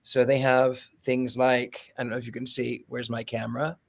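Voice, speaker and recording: A man's voice: medium pitch, little pitch movement, normal speed, gravelly. A man in casual podcast chat, telling stories animatedly and acting out the quotes. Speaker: podcast co-host.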